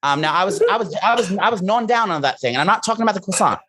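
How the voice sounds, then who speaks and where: A man's voice: high-pitched, lively intonation, rapid-fire, bright, forceful tone. A man co-hosting a podcast, telling campy, gossipy stories in a teasing, joking way. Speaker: podcast co-host. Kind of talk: casual comedic chat.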